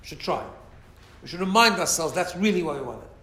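Man, high voice, informal Torah class, rhetorical questions, echoey room. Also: fairly quick. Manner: animated, mixes Hebrew and Yiddish terms, asks listeners rhetorical questions. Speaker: rabbi teaching a class. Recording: roomy echo, faint ambience.

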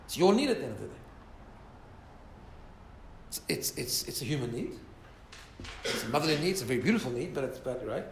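A man teaching an informal Torah class, animated and asking listeners rhetorical questions. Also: mid-range voice, brisk, long pauses, slight background noise. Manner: animated, mixes Hebrew and Yiddish terms, asks listeners rhetorical questions. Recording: roomy echo, faint ambience.

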